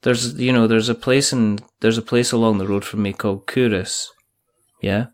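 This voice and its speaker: A man's voice: on the low side, fairly even intonation, normal speed. A Scottish man hosting a casual chat over a video call, joking and rambling in a self-deprecating way. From Scotland. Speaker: podcast host.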